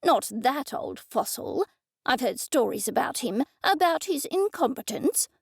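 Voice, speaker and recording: A haughty woman speaking with disdain in clipped phrases, read by a woman narrator. Her voice is raised and gravelly, recorded close and dry. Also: sits high, big pitch swings, measured pace, dry recording, heavily acted. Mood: disdainful.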